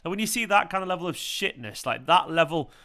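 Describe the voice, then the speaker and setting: Fast and sharp, this young man's slightly high voice bounces with lively intonation as he hosts a live football watchalong for his fan channel. He rants furiously at a referee's decision, swearing again and again and repeating himself.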